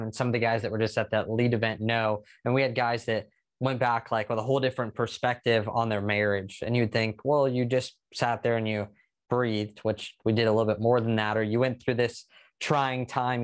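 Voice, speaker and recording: A man hosting a podcast, chatting in an upbeat, conversational way and asking long questions. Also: medium pitch. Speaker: podcast host, interviewer. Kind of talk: casual interview talk.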